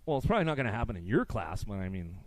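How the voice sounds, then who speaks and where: A man calling a live race, running through riders' names in quick play-by-play and tossing in joking asides. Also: fairly low pitch, big pitch swings, no room sound. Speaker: race announcer. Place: outdoor race track.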